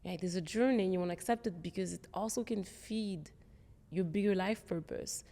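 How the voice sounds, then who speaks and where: A woman's voice: lowish voice, a little fast, mellow, big-room sound. A woman being interviewed about her career, talking in an earnest, reflective way. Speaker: guest, tech executive. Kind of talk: interview conversation.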